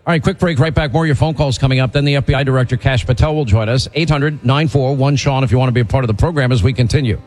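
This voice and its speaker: A man's voice: mid-range voice, rapid-fire, hardly any pauses, darkish tone, long reverb tail. A man hosting a talk radio show, blunt and opinionated, bantering with callers.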